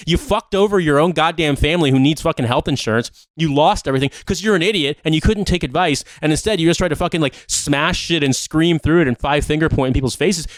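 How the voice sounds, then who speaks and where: Man, podcast co-host, heated profane rant, slightly high pitch, dry close mic. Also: quick pace, no room sound. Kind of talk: casual chat.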